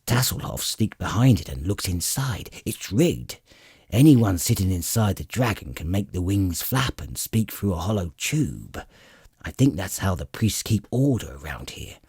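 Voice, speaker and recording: A man voicing a gruff old male dwarf warrior who talks in a terse growl. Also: low-pitched, sing-song, a little slow, a little mellow, no room sound, studio quality, exaggerated voice. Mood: gruff urgent.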